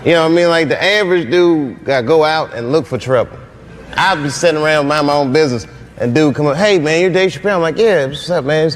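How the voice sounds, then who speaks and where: A man on a talk show telling an anecdote in an animated way, playing out both sides of the dialogue. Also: on the high side, fast talker, a little hiss or hum. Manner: animated storyteller who plays out dialogue. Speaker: comedian guest.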